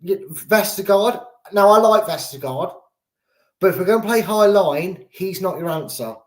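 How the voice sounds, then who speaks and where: A man's voice: sits high, animated, moderate pace. A man with an English accent hosting a fan channel, chatting about football in a jokey, rambling way. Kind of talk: casual football preview chat.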